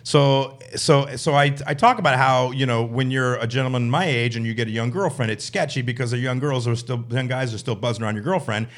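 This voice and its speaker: Man in his 50s, quick-paced comic storyteller, animated. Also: mid-range voice. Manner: animated storyteller, acts out voices of people. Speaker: stand-up comedian guest. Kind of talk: casual podcast chat, telling stage stories.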